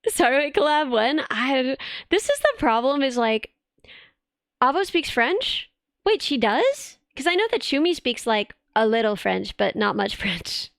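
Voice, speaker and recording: A woman's voice: high-pitched, sing-song, a little slow, creaky, fairly bright tone, no room sound, studio quality. A young woman VTuber chatting casually on a live stream, giggly and rambling with lots of filler words.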